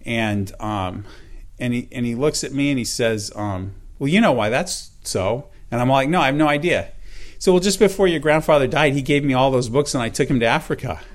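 A man's voice: medium pitch, a little hiss or hum. Man, middle-aged, church testimony, earnest, stumbling, repeats words. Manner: earnest, halting with fillers and repeats; reads scripture aloud in old-fashioned wording. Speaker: church member giving testimony. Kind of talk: personal testimony talk.

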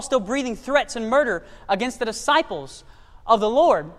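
Very high-voiced preacher in a reverberant hall. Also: male voice, a bit bright. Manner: emphatic, rhetorical questions to the congregation. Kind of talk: sermon. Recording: long reverb of a large hall.

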